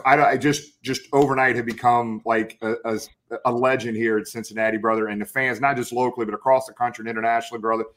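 A man hosting a casual football podcast, talking excitedly and calling his guest brother and man. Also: mid-range voice, quick pace. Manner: excitable, enthusiastic, keeps saying brother and man. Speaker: podcast host. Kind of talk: casual chat.

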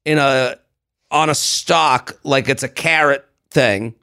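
A man, a comedian, telling an animated, profane story in casual podcast chat. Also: medium pitch, slow pace, vocal fry. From United States.

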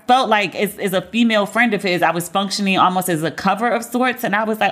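A woman's voice: mid-range voice, fast talker, few pauses. A woman in a casual commentary monologue, talking candidly and profanely and acting out other people's voices as she retells stories. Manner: candid, profane, animated storytelling.

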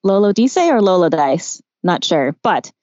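Woman hosting a chill video call show, lots of ums, lower voice, dull dry sound. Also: a little slow, no echo. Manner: relaxed, many fillers. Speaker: host. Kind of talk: casual online chat.

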